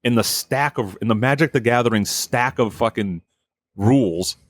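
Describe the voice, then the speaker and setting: A man's voice: medium pitch, moderate pace, no room sound, studio quality. A man hosting a podcast, telling a story in a heated, profane way and acting out what people said. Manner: profane, heated, acts out quotes. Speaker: podcast host. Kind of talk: casual storytelling.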